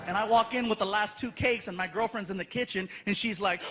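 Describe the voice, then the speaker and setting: High-voiced animated stand-up comedian. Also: male voice, a little fast. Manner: animated, self-mocking, acts out characters. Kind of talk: stand-up storytelling. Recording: live show with background noise.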